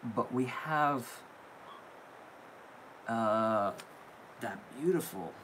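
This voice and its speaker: A man's voice: mid-range voice, big pitch swings, very slow, long pauses, noisy background. A young man hosting a casual live stream, opening viewer mail and gushing with thanks. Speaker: candle channel host.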